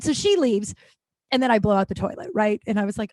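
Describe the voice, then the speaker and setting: A woman's voice: mid-range voice, expressive, brisk, a little mellow, no echo. A woman hosting her own podcast, telling a long, rambling story in a casual, profane, self-deprecating way. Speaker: podcast host.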